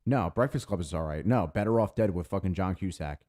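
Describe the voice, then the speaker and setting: A man's voice: deep voice, expressive, quick pace, a little mellow. A man co-hosting a podcast, talking bluntly and profanely, dismissing movies. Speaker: podcast co-host. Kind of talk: casual chat.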